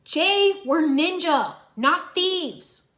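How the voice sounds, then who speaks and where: A woman's voice: on the high side, brisk, close to an everyday voice. Woman voicing an earnest young ninja. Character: young male ninja, sensible, stern.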